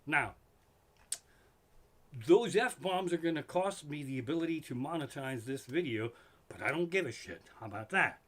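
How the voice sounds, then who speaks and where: A man's voice: a little high, animated, moderate pace, long pauses, fairly bright tone. A middle-aged man, a stand-up comedian, doing an exasperated, profane comedy rant live from his living room. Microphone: microphone in front of him.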